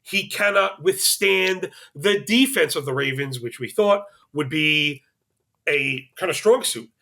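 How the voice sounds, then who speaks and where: A male sports analyst with a gravelly, fry-edged voice that still carries a bright, sharp tone. He works through numbers analytically on a podcast, dropping dry jokes along the way. His pitch sits slightly above the usual male range. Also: lively intonation. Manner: analytical, rapid-fire stats with dry jokes. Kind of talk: fantasy sports podcast chat.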